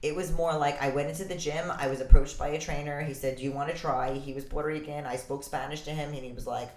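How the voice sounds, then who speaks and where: A woman from the Bronx, a boxer telling her story as a podcast guest in lively, swear-laced casual talk. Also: low voice, fast. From the Bronx, New York. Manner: animated, swearing, laughs through her stories. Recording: roomy echo.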